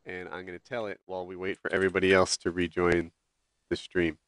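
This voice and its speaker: Low-voiced man hosting a casual stream. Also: completely flat delivery, fairly quick, fairly bright tone, no echo, studio quality. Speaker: podcast host. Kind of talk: casual streamed podcast chat.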